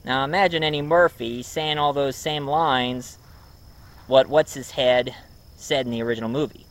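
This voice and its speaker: A man's voice: medium pitch, steady tone, moderate pace. A man casually reviewing a movie at home, rambling with many ums and uhs. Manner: rambling, full of ums and uhs, chuckles often.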